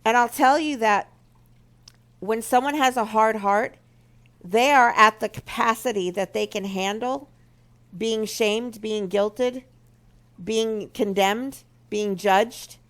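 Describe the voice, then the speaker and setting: Speaking for a marriage ministry, a woman earnestly shares a personal testimony and teaches from it, acting out remembered quotes. Her voice is on the high side, a bit bright, and slow.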